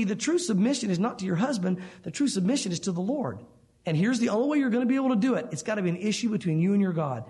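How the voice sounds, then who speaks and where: A man's voice: high-pitched, a little mellow. A male pastor preaching a sermon, speaking emphatically and asking the congregation rhetorical questions.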